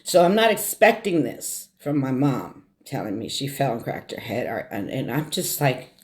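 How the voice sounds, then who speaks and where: A middle-aged woman telling a personal story on her vlog, fighting back tears, halting and repeating words as she speaks. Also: rumbling low, lively intonation. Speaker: vlogger. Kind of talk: emotional story time.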